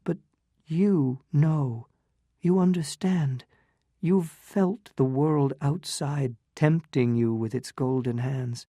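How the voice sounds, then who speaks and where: A woman's voice: deep voice, takes it slowly, dark tone, slightly rough, no room sound, studio quality, full character voice. A narrator voicing a proud, wounded young woman in love, pleading and emotional in a storybook reading.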